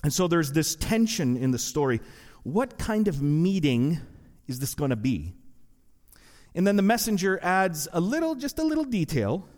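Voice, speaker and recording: Man preaching, storytelling sermon, fairly high voice, long hall reverb. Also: moderate pace. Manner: animated retelling with acted quotes and asides. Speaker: pastor.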